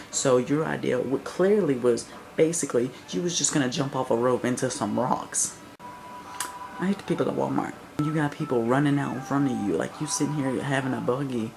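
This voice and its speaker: Gravelly Southern US vlogger ranting bluntly. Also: mid-range voice, darkish tone, rough recording. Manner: blunt, sarcastic, profane ranting. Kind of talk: comic rant to camera.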